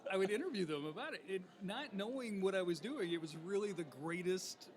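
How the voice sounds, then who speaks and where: A man who grew up in Alabama, now a TV morning news personality, telling stories as a guest in a casual interview in a lively, animated way. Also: high voice, brisk, a little hiss or hum. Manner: lively, animated storyteller who acts out callers. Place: expo event.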